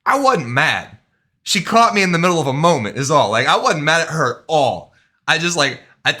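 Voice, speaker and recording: Bright-voiced man telling a story on stream. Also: on the high side, sing-song, fairly quick. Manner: profane, rambling, self-deprecating; fillers and restarts, laughs at himself. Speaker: game streamer. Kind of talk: casual storytelling chat.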